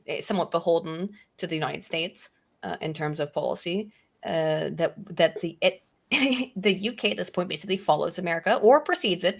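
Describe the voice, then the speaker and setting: A woman's voice: deep voice, gravelly. A woman, a guest in a casual livestream debate, arguing emphatically and swearing freely.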